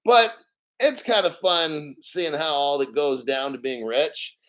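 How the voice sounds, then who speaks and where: A man's voice: a little high, slow, fairly bright tone, rough recording. A man hosting a crypto channel, reading an article aloud with boastful, profane commentary, laughing and getting emotional. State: emotional, near tears.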